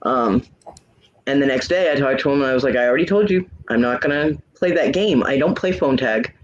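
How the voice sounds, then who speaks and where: A man's voice: mid-range voice, fairly quick, muffled recording. A man telling a story in casual chat, frank and blunt, acting out both sides of the arguments he describes. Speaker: hangout host.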